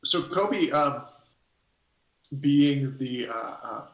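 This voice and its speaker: A man's voice: medium pitch, lively intonation, drawn-out words, a bit bright. A man narrating a tabletop game as game master, rambling and hesitant as he thinks aloud. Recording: echoey room.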